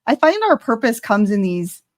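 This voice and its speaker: A woman's voice: medium pitch, animated, moderate pace. A woman hosting a podcast, talking in a heartfelt, rambling way with many restarts. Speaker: podcast host. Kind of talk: casual conversation.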